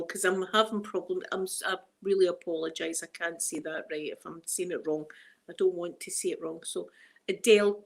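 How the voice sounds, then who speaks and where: Middle-aged Scottish woman, rambling storyteller, casual live chat host, mid-pitched, easy laughter. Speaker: livestream host.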